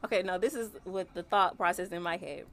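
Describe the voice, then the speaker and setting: Blunt woman co-host, bright sharp voice. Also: lowish voice, brisk. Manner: blunt, candid and direct. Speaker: podcast co-host. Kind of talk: casual chat.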